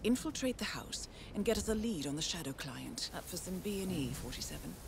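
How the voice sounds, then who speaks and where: An actress playing a composed, businesslike female mission handler in a video game, speaking calmly over game music. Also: fairly low pitch, brisk, slight background noise.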